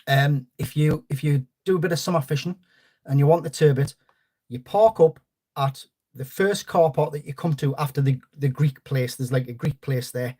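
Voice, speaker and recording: Male host, rambling live-stream chatter, slightly higher voice. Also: moderate pace, warm tone, husky. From North East England. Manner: rambling, chatty, greets viewers by name. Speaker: fishing channel host. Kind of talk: live-stream chat with viewers.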